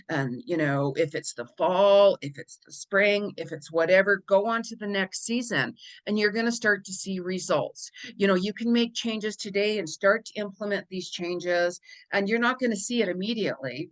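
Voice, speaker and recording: A woman's voice: medium pitch, fairly bright tone, low-quality recording. A middle-aged woman talking earnestly to viewers about astrology and self-care, repeating words for emphasis as a coach would. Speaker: psychic and life coach.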